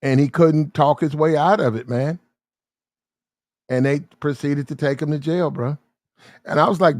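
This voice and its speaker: A man's voice: on the high side, no room sound, clean studio sound. Slangy man telling a rambling story. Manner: rambling, repetitive, slangy street talk; quick shifts into acted-out shouting arguments. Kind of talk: casual storytelling monologue.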